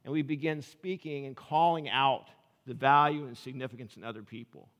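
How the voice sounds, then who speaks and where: A man's voice: medium pitch, fairly even intonation, fairly quick, fairly bright tone, dull audio. A male pastor giving a conversational sermon, often checking in with the congregation. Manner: chatty, asks the congregation "right?" often. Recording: long reverb of a large hall.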